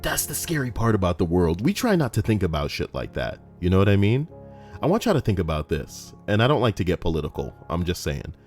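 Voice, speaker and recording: A man's voice: deep voice, big pitch swings, brisk, darkish tone, soft background music. A young man hosting a comedic commentary, reading online stories aloud, swearing, joking and switching into mock voices.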